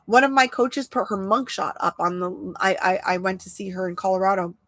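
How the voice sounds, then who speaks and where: A woman's voice: mid-range voice, fairly even intonation, fairly quick, fairly bright tone, dry recording, poor audio. A young adult woman with a nasal voice, hosting and teaching in a casual, passionate monologue, often repeating phrases for emphasis. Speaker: human design coach and show host. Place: outdoors.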